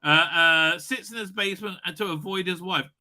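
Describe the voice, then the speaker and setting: A man's voice: sits high, normal speed, sharp tone. A man hosting a casual live stream from home, reading out viewer comments, rambling and stammering and laughing often.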